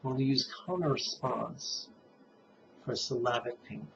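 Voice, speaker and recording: Very slow gravelly male meditation teacher. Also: medium pitch, lo-fi sound, background noise. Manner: slow, deliberate call-and-response chanting. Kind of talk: guided mantra recitation.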